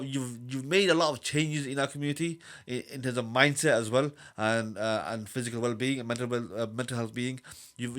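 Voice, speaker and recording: A man's voice: mid-range voice, fairly bright tone. A man hosting a podcast in casual chat, heaping praise and blessings on his guest and repeating his phrases. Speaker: podcast host.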